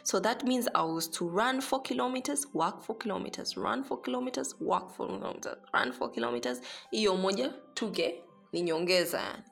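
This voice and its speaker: A woman's voice: mid-range voice, lively intonation, fairly quick, gravelly, faint music behind. Chatty, swearing young woman. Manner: chatty, profane, mixes Swahili and English. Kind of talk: casual storytelling vlog.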